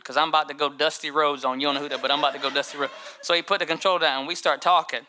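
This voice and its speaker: Male pastor, humorous animated preacher, forceful tone, stumbles into repeated words. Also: a little high, racing, slight background noise. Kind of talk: storytelling sermon.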